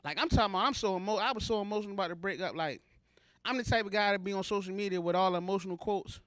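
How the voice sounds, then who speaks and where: A man's voice: high-pitched, racing, fairly bright tone, clear, resonant tone, no echo, studio quality. A man from Baltimore performing a stand-up comedy set on stage, talking in a loose, conversational, self-mocking way. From Baltimore, USA. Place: comedy show stage before a live audience.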